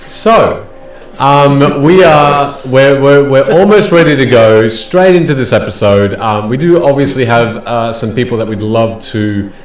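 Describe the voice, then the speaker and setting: Guy hosting a tabletop stream, halting and rambly, faint hiss in an echoey room. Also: medium pitch. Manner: rambling and halting, restarting phrases. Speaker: host of a live-streamed tabletop game show. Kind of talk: casual stream announcements. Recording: roomy echo, faint noise.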